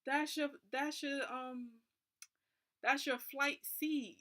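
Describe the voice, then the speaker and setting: A young woman lifts her voice into a motherly airline worker, kind and reassuring, who calls everyone honey. The tone is high and bright as she comforts a stranded passenger. It is heard in a casual vlog story. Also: steady tone, slow pace, exaggerated voice. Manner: soothing, calls the listener honey and sweetie.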